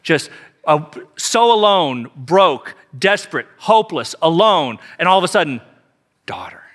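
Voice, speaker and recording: Man, pastor, sermon, high voice, emphatic storytelling, repeats phrases. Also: animated, a little slow, fairly bright tone.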